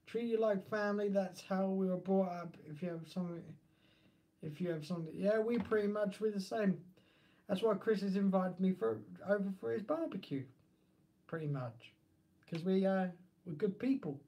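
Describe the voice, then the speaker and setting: Man, Essex accent, casual live stream chat, rambling, mellow dark tone. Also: high-pitched, normal speed. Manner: rambling, chatty, laughs often.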